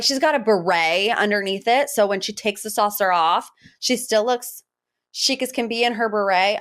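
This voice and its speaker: A woman hosts a casual pop-culture podcast, talking in a chatty, gossipy way and dropping frequent personal asides. Her voice sits a little low. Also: a bit bright. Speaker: podcast host.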